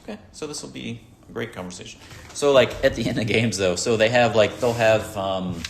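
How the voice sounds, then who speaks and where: A man hosting a casual podcast, joking around and talking in halting stops and restarts. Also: fairly low pitch, vocal fry, a little hiss or hum. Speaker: podcast host. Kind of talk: casual chat. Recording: roomy echo.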